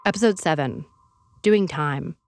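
A woman hosting an investigative podcast, narrating in a measured, serious way. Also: sits low, a little mellow, a little hiss or hum. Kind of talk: scripted narration.

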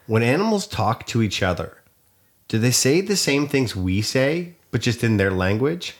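A man's voice: mid-range voice, big pitch swings, moderate pace. A man co-hosting a podcast in casual comedic chat, teasing and jokey. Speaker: podcast co-host.

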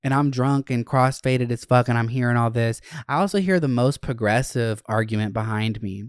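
A young adult podcast host telling stories in a casual, animated, profane way. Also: mid-range voice, moderate pace, clean tone, no echo, studio quality. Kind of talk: casual chat.

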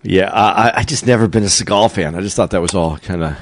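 A man's voice: low-pitched, quick pace, no room sound. A man co-hosting a podcast in casual chat, often hesitating, restarting sentences and searching for words.

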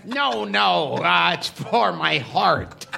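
A man hosting a live podcast in a comedy club, giving slow, deadpan replies. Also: high voice, creaky, background noise. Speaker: podcast host.

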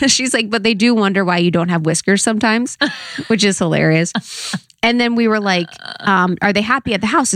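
A woman's voice: medium pitch, dry recording, studio quality. Chatty young woman telling stories. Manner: chatty storyteller, heavy use of "like". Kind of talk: casual chat.

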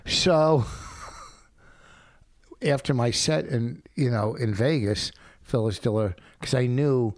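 A man's voice: medium pitch, takes it slowly, no echo, studio quality. A middle-aged man co-hosting a podcast, telling a meandering story in casual bickering chat. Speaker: podcast co-host.

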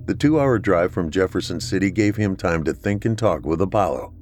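A man narrating a dark story in a steady, measured reading. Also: sits low, soft background music.

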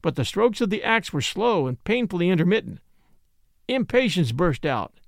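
A male narrator reads a classic Western story aloud with expressive drama, his high voice moving a lot in pitch and showing some vocal fry. He reads at normal speed, and the recording is close and dry.

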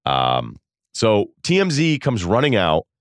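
A man with a fairly low-pitched voice hosts a podcast, telling a story casually at a measured pace. He's animated, laughs, and quotes people in voices, and the recording is studio quality with no echo.

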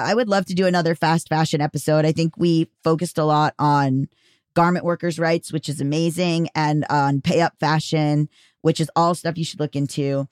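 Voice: medium pitch, dry recording, studio quality. A podcast host chatting casually and reading listener mail, rambling and self-deprecating with frequent restarts. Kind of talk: casual solo podcast talk.

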